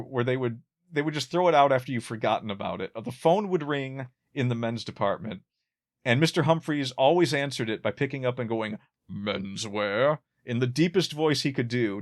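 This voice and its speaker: A man in casual conversation about an old sitcom, his voice sitting in a middle pitch. He wanders through his points with lots of restarts and chuckles at his own jokes. The tone is relaxed and conversational. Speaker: podcast co-host.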